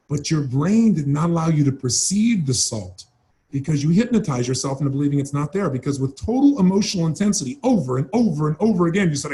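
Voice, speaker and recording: A man with a high, sing-song, darkish voice gives a motivational seminar talk at a quick pace. He's emphatic and dramatic, repeating phrases for effect and acting out the voices of people he describes.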